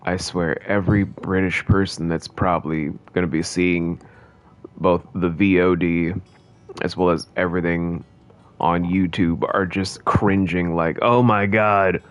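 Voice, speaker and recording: A man's voice: low voice, flat delivery, measured pace. A man streaming a game, chatting casually to viewers in a rambling, jokey way. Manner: rambling and jokey, talking to chat. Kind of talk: casual gaming commentary.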